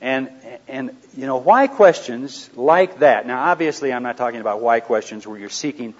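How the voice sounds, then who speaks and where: A man talks to a live audience in a middle-pitched, conversational voice, asking questions and slipping into quiet asides. The recording is dull and lo-fi. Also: expressive, normal speed. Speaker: seminar speaker. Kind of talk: anecdotal teaching to a live audience.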